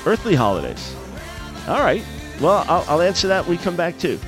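A man hosting a call-in radio show and telling a story in an animated, preacherly way, jumping high and loud when he acts out his own thoughts. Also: moderate pace, music in the background. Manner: animated, jumps to a much higher, louder voice when acting out his own past thoughts; preacherly, emphatic.

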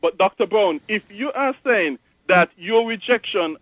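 Male caller, persistent, stacked if-clauses, high voice, tinny phone line. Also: lively intonation, moderate pace, few pauses, no room sound. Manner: persistent, builds long chains of if-clauses. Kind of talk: call-in theological debate. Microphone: telephone.

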